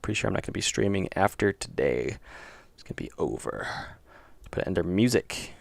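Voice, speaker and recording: Low gravelly dude live-streaming his game dev, joking around and talking to himself, real dry close sound. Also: big pitch swings, a little fast, dry recording. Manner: thinks aloud, joking and self-correcting. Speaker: indie game developer streaming. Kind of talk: casual livestream chat while working.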